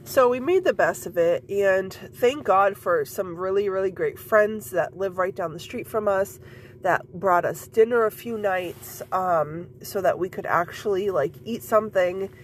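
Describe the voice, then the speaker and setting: A woman's voice: medium pitch, a little slow, a little hiss or hum. Stuffy-nosed woman chatting casually. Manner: rambling, many fillers and repeats. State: stuffy nose, scratchy throat. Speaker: podcast host and mom coach. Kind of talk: casual personal chat.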